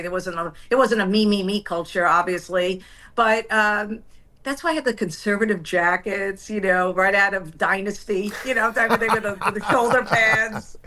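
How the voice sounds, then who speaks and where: A woman's voice: medium pitch, pushed and bright. A middle-aged woman, a former sports anchor, chatting candidly as an interview guest and laughing often. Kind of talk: casual interview chat.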